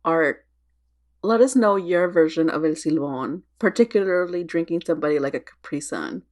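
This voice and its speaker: A woman co-hosting a podcast in casual chat. She sounds relaxed and chatty and laughs easily. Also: low voice, normal speed. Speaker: podcast co-host.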